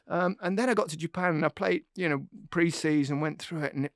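A man's voice: on the high side, fast talker, few pauses, no echo, clean studio sound. A middle-aged man, a former footballer co-hosting a podcast, telling a story in a chatty, self-mocking way. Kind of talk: casual anecdote-telling chat.

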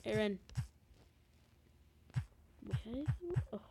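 A woman's voice: mid-range voice, fairly even intonation, drawn-out words, vocal fry, background noise. A woman giving gameplay commentary, giggly and flustered, with many fillers. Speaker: gamer.

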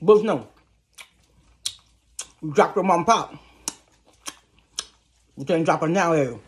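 A man's voice: on the high side, slow, pitched below the performer's own voice. A woman voicing a petty stepfather who teases in a drawling, mocking way. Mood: teasing.

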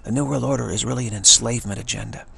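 A man's voice: mid-range voice, very fast, a bit bright. A man giving an emphatic spiritual talk, often repeating and restarting words. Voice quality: gravelly and husky. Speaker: spiritual teacher.

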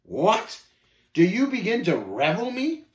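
Brief: man doing a sneering, scornful villain, raised pitch, roomy echo. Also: wildly swooping pitch, unhurried, full character voice. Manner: sneering, growling, stammering scorn. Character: sneering scornful male villain Shame, bony, bitter.

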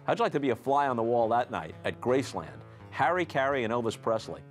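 Lively, expressive man telling stories. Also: medium pitch, quick pace, faint music behind. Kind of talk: anecdotal interview storytelling.

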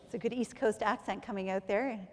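A woman's voice: mid-range voice, fairly quick. A woman giving a chatty conference talk on physiotherapy, sometimes acting out what patients say. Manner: lively, chatty, acts out patient quotes. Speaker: physiotherapist presenter. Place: large conference hall. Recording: long hall reverb.

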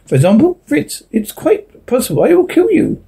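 Cold radio-play villain, raspy, gravelly, high, swooping delivery. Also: male voice, wildly swooping pitch, mellow, heavily acted. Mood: menacing. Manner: cold, deliberate threats. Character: menacing man demanding the jewels. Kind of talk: 1940s radio acting.

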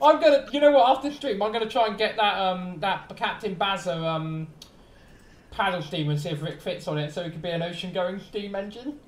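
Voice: medium pitch, brisk, reverberant. A streamer trading jokes with friends during a train game, laughing often. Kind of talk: casual gaming banter.

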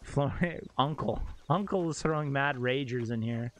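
A young man streaming a game live, reacting out loud, exclaiming and swearing as he talks to his chat. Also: medium pitch, measured pace, a little hiss or hum. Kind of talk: live gameplay commentary.

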